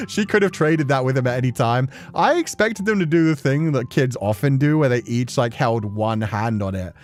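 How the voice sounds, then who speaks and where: A man's voice: medium pitch, expressive, normal speed, faint music behind. A young man chatting casually on a stream, telling stories with many fillers and laughs.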